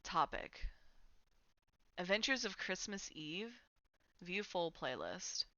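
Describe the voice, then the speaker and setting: A woman's voice: lowish voice, sing-song, slow, sharp tone, no room sound, muffled recording. A woman streaming live in a casual, chatty way at home, laughing often and talking to her cat. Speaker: Twitch streamer. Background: faint music from a playlist.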